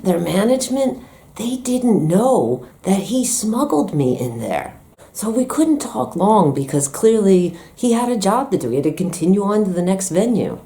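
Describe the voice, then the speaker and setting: American woman, young adult, storytime vlog, mellow tone, acts out her own quotes. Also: lowish voice. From United States. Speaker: storyteller vlogger. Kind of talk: casual storytime.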